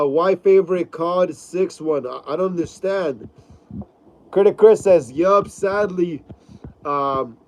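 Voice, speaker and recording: Male host, high voice, casual live-stream chat, rambling, repeats words. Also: darkish tone, low-quality recording.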